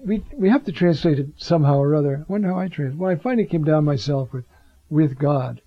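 A man teaching scripture in a reflective way, with frequent rhetorical asides and drawn-out readings of Greek phrases. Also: fairly high pitch, no echo. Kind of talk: bible teaching talk. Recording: dull lo-fi sound.

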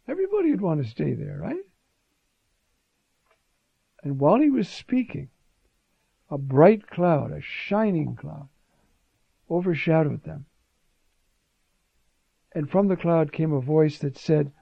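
A man teaching on scripture in a conversational way, often pausing with "uh" and "you see.". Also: fairly high pitch, big pitch swings, creaky, slightly rough, no echo, muffled recording. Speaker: Bible teacher. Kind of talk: scripture lecture.

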